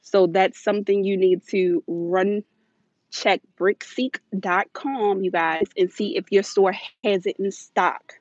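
A woman livestreams from inside a big store, chatting to her viewers in a hurried, friendly rush and sounding a little out of breath. Her voice comes through a handheld phone with dull, muffled audio and very little room echo. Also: medium pitch, steady tone, a little mellow. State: slightly out of breath. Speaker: deal-hunting vlog host. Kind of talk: live shopping stream. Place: inside a large retail store.

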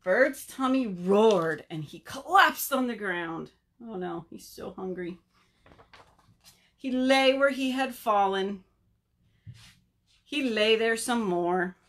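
A woman, a children's librarian, reading a story aloud at home for a virtual storytime, expressive and talking directly to the kids. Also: fairly high pitch, slow.

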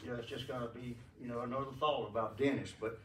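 A man's voice: mid-range voice, fairly even intonation, fast, a bit bright, slight background noise. A man giving a folksy funeral eulogy in a church, telling rambling stories and chuckling often, with many fillers. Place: church sanctuary. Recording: echoey room from a distant mic.

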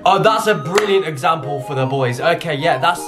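A man's voice: on the high side, animated, normal speed, over music. A young British man giving casual, jokey reaction commentary, with sudden exclamations. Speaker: YouTuber reacting to clips.

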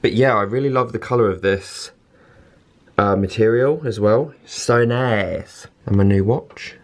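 A young man chatting excitedly to camera in a casual vlog, self-mocking and talkative. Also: on the low side, a little slow, dry recording. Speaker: vlogger. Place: in a car and out and about.

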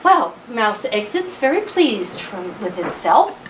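A woman telling a traditional animal tale to a live audience, in a slow, deliberate way with long pauses. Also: mid-range voice, very animated, fairly bright tone, slight background noise. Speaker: storyteller. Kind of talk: oral storytelling at a live concert. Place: event hall. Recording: distant mic at a live event.

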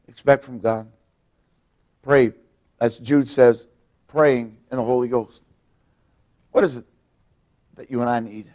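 A middle-aged male pastor preaching a sermon in a church, swinging between hushed, quiet passages and loud, emphatic ones. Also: medium pitch. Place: church sanctuary.

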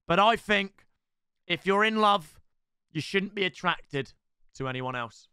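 A young man reacting to clips in casual commentary, excitable and quick to break into shouts. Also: high-pitched, clear, resonant tone, no echo.

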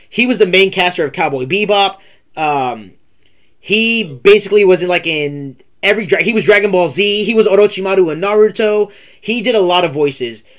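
High-voiced man as a rambling livestream host at a desk mic. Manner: talkative, rambling, repeats himself. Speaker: streamer host. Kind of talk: casual livestream interview.

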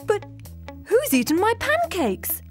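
A high, lively mother donkey from a cartoon. She is gentle and fussing, speaks slowly and in exclamations, and loud music plays behind her. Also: heavily acted. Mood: puzzled.

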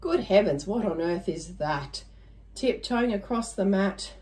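A woman voicing a timid, polite gentleman who frets and exclaims in dismay in a storybook reading. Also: mid-range voice, expressive, unhurried, lightly acted. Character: fretful polite gentleman, timid and easily alarmed.

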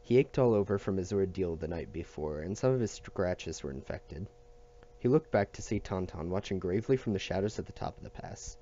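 A man reading a novel aloud at a steady pace, with small restarts and slips. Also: low voice, brisk, highs cut off, slight background noise. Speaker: audiobook reader.

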